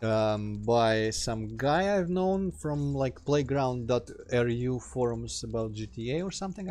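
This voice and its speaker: A man's voice: mid-range voice, slight background noise. Rambling man with a Russian accent. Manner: rambling, self-interrupting, reacts loudly to the game. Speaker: let's play host. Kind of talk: casual gameplay commentary.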